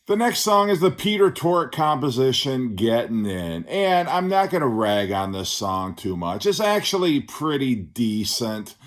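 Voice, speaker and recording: Male record-review host, mid pitch, blunt, sarcastic, salty language. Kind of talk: casual album review.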